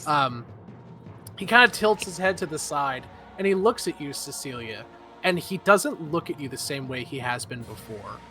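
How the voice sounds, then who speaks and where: A man narrating a tabletop game as game master, relaxed with frequent filler pauses. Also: fairly high pitch, soft background music.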